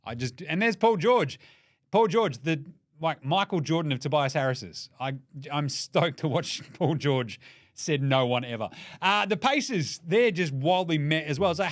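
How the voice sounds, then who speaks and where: An Australian man giving a comedic basketball ranking rant, mocking and full of quick jokey asides. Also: on the high side, animated. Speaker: basketball commentator.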